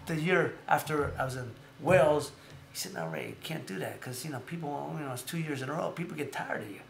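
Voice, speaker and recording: Hosting a casual live stream about boxing, a man with a fairly high voice rambles through animated stories and often corrects himself. The recording has an echoey room and faint background noise.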